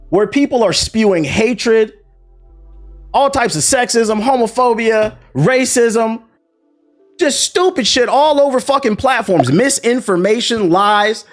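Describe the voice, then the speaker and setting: A man ranting to his stream chat in a high voice that swoops up and down. He talks in a profane, indignant and animated way. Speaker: gaming content creator.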